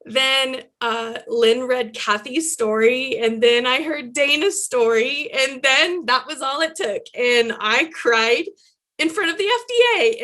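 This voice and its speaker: A woman reflecting on speaking up as a patient, heartfelt and halting, with many fillers. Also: high voice, pushed and bright. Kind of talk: personal reflection.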